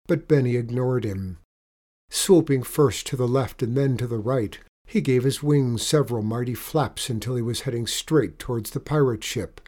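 A man narrating a children's adventure story aloud with expressive, animated delivery. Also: mid-range voice, normal speed.

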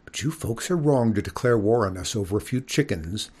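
A man's voice: fairly low pitch, lively intonation, brisk, a little mellow, husky. A man reading an audiobook, voicing a prim, genteel widowed mother skunk who lectures in a proper manner. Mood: prim lecturing.

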